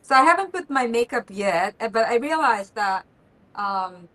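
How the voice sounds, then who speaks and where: Woman co-hosting a live cooking stream from her kitchen, a bit high-pitched, gushing. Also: expressive, moderate pace, fairly bright tone. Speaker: livestream co-host. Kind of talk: casual livestream chat. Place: home kitchen.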